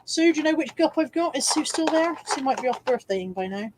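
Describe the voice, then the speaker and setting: A woman's voice: sits high, animated, fairly quick, background noise. A woman hosting a casual live stream, showing car boot finds and reading viewer comments with chatty, self-mocking asides, hiccuping now and then.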